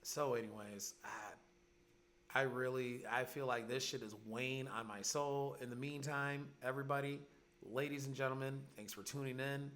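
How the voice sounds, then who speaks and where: A man's voice: medium pitch, fairly even intonation, normal speed, a bit bright. A man in his forties hosting a podcast, ranting in heated, profane commentary. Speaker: podcast host. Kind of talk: angry commentary monologue. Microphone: podcast mic.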